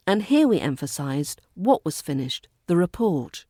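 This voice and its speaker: A woman with a British RP accent, teaching a pronunciation lesson and modelling example sentences slowly and deliberately. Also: deep voice, lively intonation, mellow, no room sound, studio quality. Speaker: accent coach.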